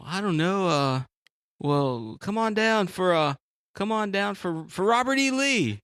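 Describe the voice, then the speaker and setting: A man's voice: sits high, lively intonation, a little slow, a bit bright, clean tone, no room sound, voice pushed up. A folksy, blunt passerby calls out in a raised, drawling voice, as a man puts him on for a joke. He sounds homespun and plain-spoken, and the sound is dry and close.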